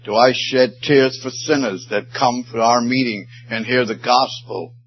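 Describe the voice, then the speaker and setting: Man preaching, husky voice, slow delivery, muffled recording. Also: medium pitch, steady tone. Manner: slow, swelling, emotional preaching. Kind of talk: sermon.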